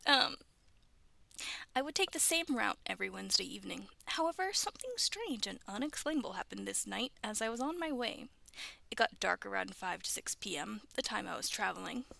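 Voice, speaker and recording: A woman's voice: medium pitch, vocal fry, bright, forceful tone. A young woman casually reading stories aloud to viewers, stumbling over the text and breaking off for chatty, self-mocking asides. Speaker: video creator reading stories.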